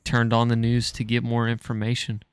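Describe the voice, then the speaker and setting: Smooth-voiced man reading a story aloud. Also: medium pitch, completely flat delivery, moderate pace, no room sound. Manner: reads aloud, stumbling over words and laughing at the text. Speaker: podcast co-host reading a story. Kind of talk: reading a choose-your-own-adventure story aloud.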